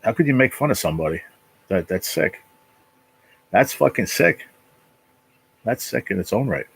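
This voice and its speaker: A man hosting his own livestream from his apartment, talking casually and emotionally in a halting, repetitive way with a lot of swearing. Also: lowish voice, animated, creaky, breathy edge, rough recording. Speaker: livestream channel host. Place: apartment at home.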